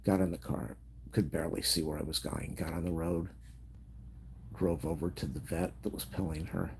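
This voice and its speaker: Very deep gravelly man, grieving. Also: flat delivery, darkish tone, a little hiss or hum. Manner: emotional, halting, slipping into whispers. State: grieving, on the edge of tears. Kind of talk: personal storytelling vlog.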